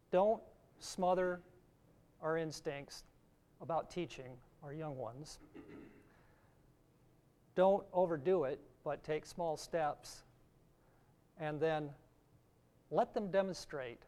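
Male preacher, middle-aged, unhurried delivery, slightly raised pitch, earnest teaching tone. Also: a little mellow. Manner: slow, earnest teaching with scripture readings. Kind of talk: sermon.

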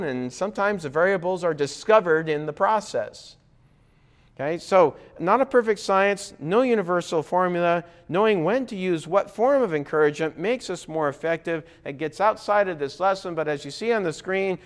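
Conversational man teaching a Bible lesson. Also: on the high side. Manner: conversational, frequent "okay?" check-ins. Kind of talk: recorded Bible class lesson.

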